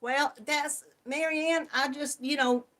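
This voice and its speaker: Slow-talking woman, chatty host. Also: sits high, fairly even intonation, fairly bright tone. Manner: chatty, laughs often, greets viewers by name. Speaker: crafting channel host. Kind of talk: casual live-stream chat.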